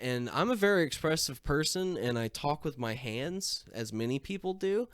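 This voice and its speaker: A man's voice: a little high, lively intonation, moderate pace, few pauses, no room sound, studio quality. A man casually telling a comic story about himself, swearing constantly and acting out every exchange.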